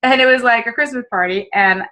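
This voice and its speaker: Bright-voiced Midwestern woman telling stories. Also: a little high, a little fast, low-quality recording. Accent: Midwestern American. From American Midwest. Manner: chatty and self-mocking, full of fillers and quoted asides. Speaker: business consultant guest. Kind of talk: candid interview storytelling.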